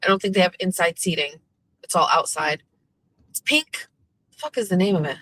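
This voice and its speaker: A woman hosting a casual morning show, chatty and animated, swearing freely as she tells stories. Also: lowish voice, moderate pace, no room sound, poor audio. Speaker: show host.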